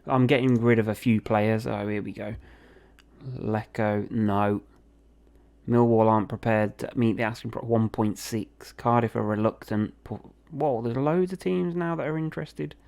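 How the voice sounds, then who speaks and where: A man's voice: on the low side, steady tone, normal speed, vocal fry, darkish tone. A young man, chatting casually and reacting aloud as he plays a football management game. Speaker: gaming video host.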